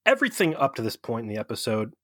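A young adult man talks through a TV episode with his co-host, animated and profane. He slips into mocking quoted voices as he tells the story. His mid-pitched voice sounds close and dry. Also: rapid-fire, dry recording. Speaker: podcast co-host. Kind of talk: casual episode recap chat.

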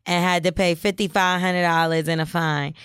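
Woman co-host, casual and crude, clear voice, dry close recording. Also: fairly low pitch, level tone, moderate pace, fairly bright tone, dry recording. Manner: blunt and profane, teasing her co-host. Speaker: podcast co-host. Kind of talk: casual podcast banter.

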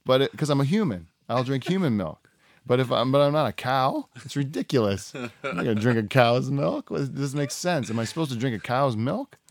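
A man's voice: medium pitch, animated, a little fast, no echo, clean studio sound. A middle-aged man, hosting a casual podcast and rambling freely between laughs, with swearing along the way. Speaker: podcast host. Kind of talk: casual chat.

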